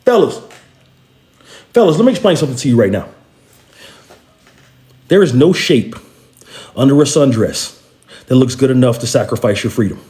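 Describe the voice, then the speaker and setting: A man's voice: medium pitch, lively intonation, normal speed, long pauses, dark tone, echoey room. A man giving a motivational talk, speaking bluntly and emphatically to his listeners, repeating phrases and restarting with stammers. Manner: addresses listeners directly and bluntly.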